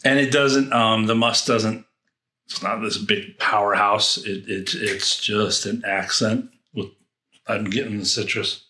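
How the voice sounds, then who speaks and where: A man's voice: lowish voice, fairly even intonation, unhurried, sharp tone, reverberant. A man reviewing fragrances in a casual unboxing, rambling and thinking aloud with frequent restarts.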